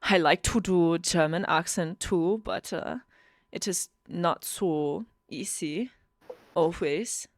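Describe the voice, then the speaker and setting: A woman's voice: lowish voice, no room sound, clean studio sound. A woman putting on a mock Russian accent. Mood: mock-serious. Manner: dropped articles, slow and deliberate. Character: woman with a generic Soviet Slavic accent, self-assured.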